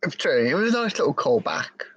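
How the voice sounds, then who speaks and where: A young man co-hosting a casual film podcast, mostly agreeing and laughing along. His voice carries a slight husky edge. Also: fairly high pitch, sing-song, a little fast, fairly bright tone, dry recording, muffled recording. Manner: short agreeing replies, laughing. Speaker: podcast co-host. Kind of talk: casual movie review chat.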